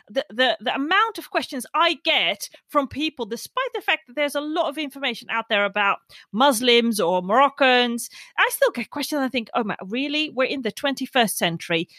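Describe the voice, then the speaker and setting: Brief: podcast host, woman, high bright voice, earnest, dry close sound. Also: no echo. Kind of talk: casual chat.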